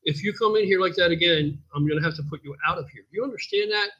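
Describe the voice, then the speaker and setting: A man's voice: high voice, fast, bright, forceful tone, slightly rough, dull audio. A man casually telling a rambling, profane story on a livestream as a gym owner.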